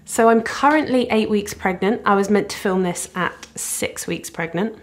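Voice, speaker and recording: A woman's voice: medium pitch, normal speed. A young woman chatting casually to camera from her living room, rambling and self-deprecating. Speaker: vlogger. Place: living room at the front of a house. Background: traffic outside.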